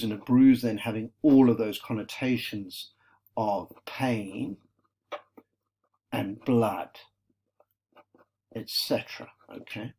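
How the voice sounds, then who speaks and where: A man's voice: medium pitch, slow pace, long pauses, a little mellow, slightly rough, low-quality recording. A man teaching a poetry lesson, explaining patiently and checking in with short tag questions. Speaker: English literature teacher.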